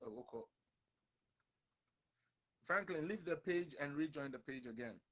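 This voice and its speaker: Ghanaian male host, young adult, bright forceful voice, slightly high, emphatic and repetitive livestream rant. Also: expressive, measured pace. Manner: emphatic, repetitive, addresses viewers directly. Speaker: online show host. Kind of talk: livestream rant mixing English and Twi.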